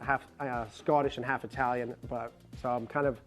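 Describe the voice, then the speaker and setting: A Canadian man talks easily on a live jewellery sales show, joking at his own expense. His voice sits at an ordinary middle pitch. Soft music plays faintly behind him. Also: little pitch movement, moderate pace. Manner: chatty, laughing, self-deprecating. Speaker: jewellery presenter. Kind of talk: live TV chat.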